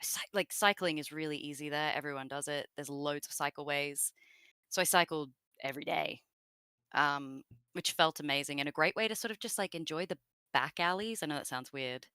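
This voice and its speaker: A woman's voice: deep voice, moderate pace, sharp tone, clean tone, no echo. A woman with an Australian accent, a guest in an interview, chatting casually with many fillers and laughs.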